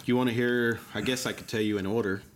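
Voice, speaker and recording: A man's voice: medium pitch, fairly even intonation, fast talker, a little hiss or hum. A man co-hosting a casual podcast who laughs easily and reacts with animation. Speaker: podcast co-host.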